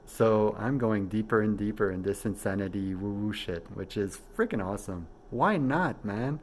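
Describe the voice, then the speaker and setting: A man hosting his own vlog, telling a personal story casually and excitedly, going from hushed to exclaiming. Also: fairly low pitch, normal speed, few pauses, a little hiss or hum. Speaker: vlog host.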